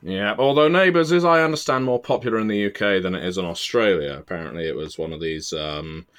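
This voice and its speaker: Deep-voiced Southern English podcast host. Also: male voice, fast talker, a bit bright. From England. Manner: chatty, self-deprecating, many filler restarts. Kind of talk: casual podcast chat.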